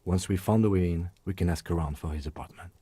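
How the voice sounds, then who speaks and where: An actor voicing a calm, pragmatic male police lieutenant in a game, speaking in a measured way. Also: low-pitched, husky, no room sound. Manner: measured, matter-of-fact. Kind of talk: scripted game dialogue.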